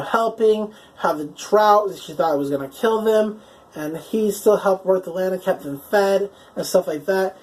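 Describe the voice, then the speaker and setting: A woman's voice: mid-range voice, a little mellow, rough recording. A woman with a mid-height voice chats through a TV episode review in a loose, enthusiastic recap. She fills her sentences with "like" and "um" and drops the odd swear word. She sounds open and emotional about what she liked. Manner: chatty, heavy use of "like" and "um" fillers; swears casually. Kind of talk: casual spoken episode recap.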